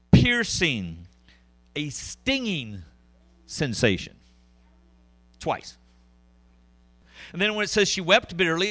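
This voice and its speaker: A middle-aged male pastor preaching in a lively, conversational way, his voice rising and falling a great deal. His tone is bright and forceful, and he sits a little above the usual male pitch. He turns often to the congregation with asides and questions. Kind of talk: sermon.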